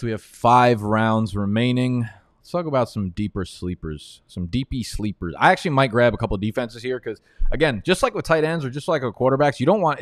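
Young male streamer, casual trash talk, lowish voice, dry close sound. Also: dry recording. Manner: profane, trash-talking, joking. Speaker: fantasy football analyst. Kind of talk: casual live-stream commentary.

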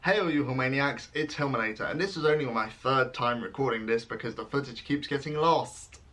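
A man's voice: mid-range voice, fairly bright tone, soft background music. A young British man in his twenties, talking through an online quiz in a playful, self-mocking vlog. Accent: British English. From England. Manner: playful and self-mocking, with jokey dramatic pauses. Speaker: vlogger. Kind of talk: casual vlog, reading quiz questions aloud.

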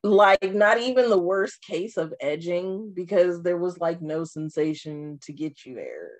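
A woman co-hosting a casual show review, playful and quick with quips. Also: lowish voice, lively intonation. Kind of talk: casual chat.

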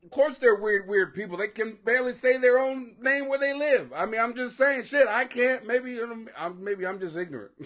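A man chatting casually with viewers, animated and profane, joking and laughing often and tripping over hard names. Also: extremely high pitch, moderate pace.

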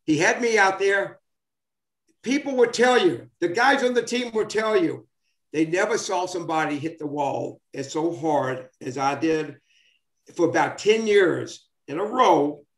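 This guest, a former baseball player in his seventies, recounts sports stories from years back, wandering through them with many fillers and restarts. He speaks at a measured pace in a voice on the high side with lively intonation, and the room echoes.

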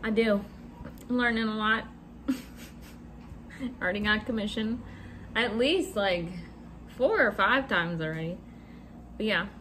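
A woman's voice: medium pitch, a little slow, long pauses, a bit bright, slight background noise. A young woman vlogger telling a story to camera in a chatty, giggly way, swearing freely.

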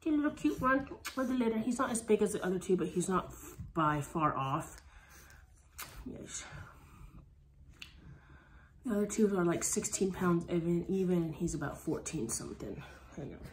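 A woman's voice: fairly low pitch, lively intonation, normal speed, pauses often. A woman, a dog breeder chatting casually and using sweet baby talk. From Texas. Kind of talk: casual vlog narration. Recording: echoey room with faint noise.

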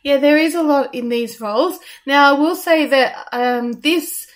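A woman co-hosting a radio show, reviewing a stage musical in a casual, halting way with many ums. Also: sits high. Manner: hesitant, many ums and restarts.

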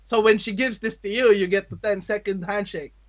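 A man from Canada chatting on a podcast, telling stories excitedly, laughing often and saying "like" constantly. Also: sits high, brisk. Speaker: podcast co-host. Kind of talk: casual chat. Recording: dull lo-fi audio.

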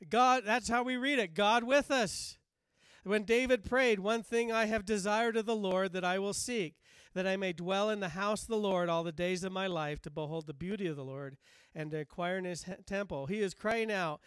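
High-voiced preaching pastor, smooth and dry. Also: male voice, no room sound. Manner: preaching with slow emphatic repetition, dropping soft and low at times. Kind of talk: sermon.

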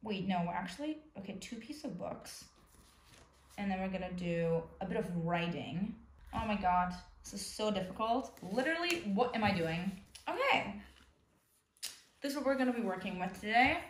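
A young woman vlogging about books, talking herself through a craft project with excited gasps and chatter. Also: mid-range voice, moderate pace, slight background noise. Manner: excitable, gasping, talks herself through each step. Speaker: book vlogger. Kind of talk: casual crafting commentary. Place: room at home. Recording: echoey room with faint clicks.

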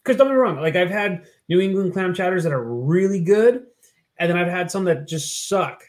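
Male podcast co-host, relaxed and jokey, slightly high voice. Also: moderate pace. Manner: laid-back, jokey. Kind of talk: casual chat.

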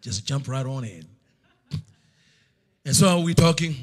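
A middle-aged male preacher telling a story in a sermon, swinging between loud slow outbursts and hushed near-whispers. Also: medium pitch, lively intonation. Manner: storytelling, acts out God's voice in loud slow bursts.

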